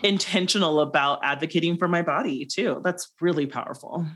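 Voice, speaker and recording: A woman's voice: low voice, brisk, fairly bright tone. A woman co-hosting a podcast, talking in a supportive, emphatic, casual way. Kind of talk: casual conversation.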